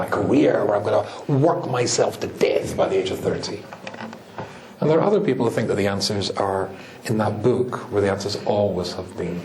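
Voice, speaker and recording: A rabbi with a Scottish accent giving a talk to a live audience, joking, teasing them and laughing often. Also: male voice, on the low side, a little mellow, roomy sound, slight background noise.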